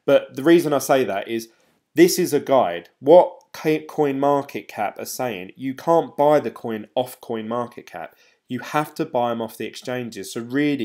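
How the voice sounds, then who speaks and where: A chatty man hosting a livestream and answering viewer comments. His voice sits at an ordinary middle pitch, and he rambles loosely in a relaxed, informal way. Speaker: crypto livestream host. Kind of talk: casual livestream chat reading viewer comments.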